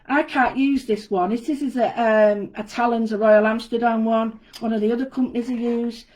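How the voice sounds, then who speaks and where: A woman leads a live craft demonstration, explaining each step in a chatty, friendly way. Her voice sits a little high, with a mellow, warm tone. She talks from an indoor studio. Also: fairly even intonation, normal speed, low-quality recording. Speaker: guest designer demonstrating a craft.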